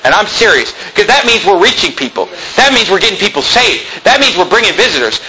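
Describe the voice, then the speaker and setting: A man's voice: high-pitched, very animated, fast, hardly any pauses, sharp tone, low-quality recording. A male pastor delivering a sermon in a plain-spoken, emphatic way, full of rhetorical questions.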